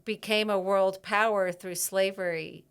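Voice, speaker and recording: A woman herbalist in a casual podcast interview, reflective, pausing often with fillers and laughing easily. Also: medium pitch, fairly even intonation, clean tone. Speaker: herbalist guest.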